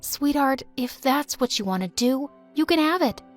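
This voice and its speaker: Woman, storytime narrator, dramatic, emotional, high-pitched, faint background music. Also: lively intonation, moderate pace. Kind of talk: first-person storytime narration.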